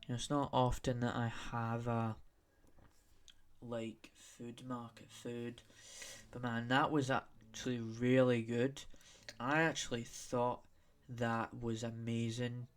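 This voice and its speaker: Here a young man from Scotland hosts a podcast on his own, his medium-pitched voice slow, smooth and level. He tends to ramble, chase tangents, and circle back to repeat points.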